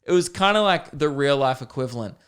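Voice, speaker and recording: Smooth-voiced young man telling a story. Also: medium pitch, a little fast. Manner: animated, self-deprecating, sweary. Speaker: podcast host. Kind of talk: casual comedic storytelling.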